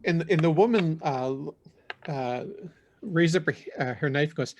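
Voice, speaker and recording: A man's voice: a little high, no echo. Man narrating as game master. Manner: halting, filler-heavy narration.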